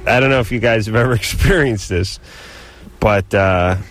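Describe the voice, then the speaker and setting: A man's voice: on the low side, moderate pace, soft background music. A man in his thirties hosting a radio call-in show, joking in a sardonic, rambling way. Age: 30s. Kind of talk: comedic radio banter.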